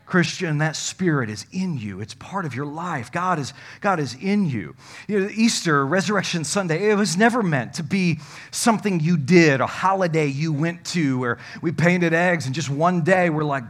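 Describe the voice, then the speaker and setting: A male pastor preaching a sermon, emphatic and folksy, joking with the congregation and swinging from loud to hushed. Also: on the high side, lively intonation, moderate pace.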